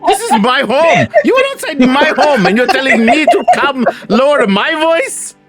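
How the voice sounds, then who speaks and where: Guy putting on a high shrill little cottage lady, fists up, scolds everyone. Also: sing-song, moderate pace, loud music behind the voice. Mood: furious. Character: feisty small woman cottager, indignant, scolding.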